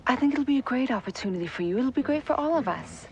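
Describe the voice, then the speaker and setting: A gentle mother reassuring her son in a TV drama. She speaks quickly, and faint noise sits behind her. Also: high voice, expressive, vocal fry. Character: mother telling her son about a move.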